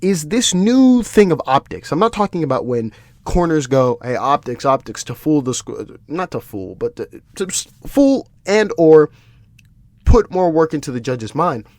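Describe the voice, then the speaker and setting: A man hosts a solo podcast and rants in exasperation, swearing as he goes. He restarts his sentences often, and his slightly high voice swings up and down a lot. The recording is close and dry. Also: a little slow, no echo. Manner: animated, exasperated ranting with frequent restarts and swearing. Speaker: podcast host. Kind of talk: solo MMA podcast commentary.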